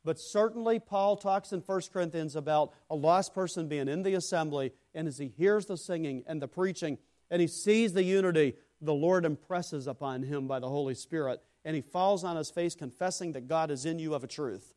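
A man preaching a sermon to a congregation. He builds to loud emphatic phrases, then drops into quiet, low asides, and addresses listeners by name. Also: normal speed. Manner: speaks to congregation members by name. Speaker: pastor.

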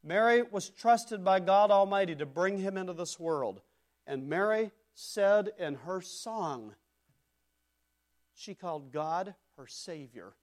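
A man preaching a sermon in an emphatic, repetitive cadence, swinging between loud declarations and quieter passages. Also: sits high, animated, slow.

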